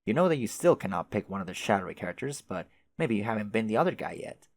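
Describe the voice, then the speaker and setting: A man with a lowish voice reads a webcomic aloud, dropping casual, wry asides and the odd swear between passages. The recording is close and dry, with no room sound. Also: very animated, fast, no room sound. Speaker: webcomic reader. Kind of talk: reading a webcomic aloud with commentary.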